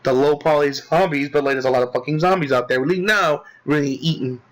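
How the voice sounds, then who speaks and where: A man casually recapping a game he played, rambling with lots of filler words and restarts, swearing as he gets excited. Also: on the high side, fast talker, rough recording. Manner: profane, excitable. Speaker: gaming commentator.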